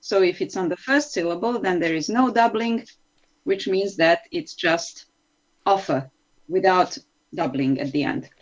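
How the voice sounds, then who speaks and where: A woman's voice: fairly low pitch, measured pace, muffled recording. A woman with a Serbian accent teaching an English grammar class online, patient and encouraging as she explains step by step.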